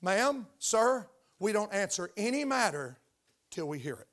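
An older male pastor preaching to his congregation in church. He speaks in a fairly high voice and keeps throwing questions out to the room, stressing his points. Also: sing-song, measured pace, a bit bright. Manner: emphatic, call-and-response questions to the congregation. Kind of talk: sermon. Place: church sanctuary.

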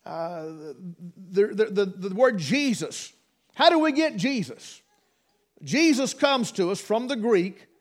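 A man's voice: sits high, very animated, slow. A man preaching a sermon, emphatic, with restarts and rhetorical questions to the congregation.

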